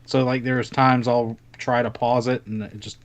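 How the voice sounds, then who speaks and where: A man's voice: medium pitch, flat delivery, normal speed. Distracted man chatting while gaming. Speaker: podcast co-host. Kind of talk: casual chat while gaming.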